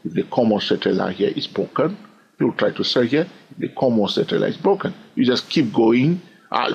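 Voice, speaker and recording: A man's voice: medium pitch, gravelly, slightly rough. A man with a French accent teaching chart trading, repeating himself and often asking "yes or no?" to check on listeners. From France. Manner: repetitive, asks "yes or no?" often; says "blah, blah" to skip steps. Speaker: trading educator. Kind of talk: screen-share chart lesson.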